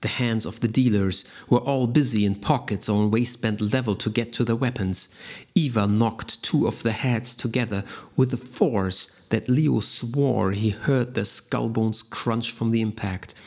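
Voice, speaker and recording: Brief: measured male audiobook reader, slow, husky. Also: on the low side, fairly even intonation. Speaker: audiobook narrator. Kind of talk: audiobook narration.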